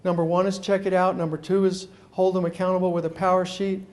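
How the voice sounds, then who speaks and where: High-voiced New man telling stories. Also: fast talker. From New York. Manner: animated storyteller acting out phone calls. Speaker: guest speaker. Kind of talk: humorous keynote talk. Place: conference room before an audience.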